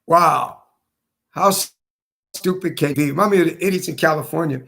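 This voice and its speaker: Hoarse guy with a gravelly voice, venting and repeating himself. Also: fairly high pitch, fairly quick, bright, forceful tone. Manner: repetitive, emphatic storytelling. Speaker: vlogger. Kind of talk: casual monologue.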